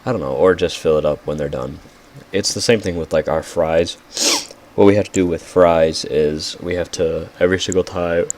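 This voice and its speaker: Young male podcaster, extremely low voice, rambling and self-mocking, faint hiss behind. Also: steady tone, normal speed, a little mellow. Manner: rambling, loses track, frequent "like" fillers. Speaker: podcast host. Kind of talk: casual rambling solo podcast.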